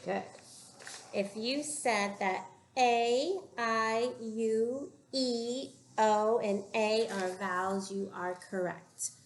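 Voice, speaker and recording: Slow, patient woman teaching phonics. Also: on the high side. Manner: slow, patient, drawn-out word modeling. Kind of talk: phonics lesson for young children. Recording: echoey room with faint room noise.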